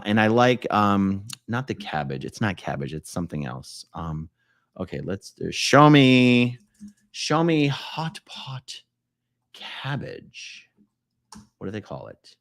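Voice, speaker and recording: A man's voice: low-pitched, no echo, clean studio sound. A man hosting a casual live stream, rambling and self-correcting as he reads viewer comments, often laughing.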